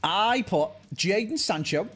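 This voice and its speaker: A man's voice: sits high, animated, unhurried, a bit bright. A man, a guest on a football video game chat, teasing in a dry way. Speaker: guest player. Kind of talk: casual gaming chat.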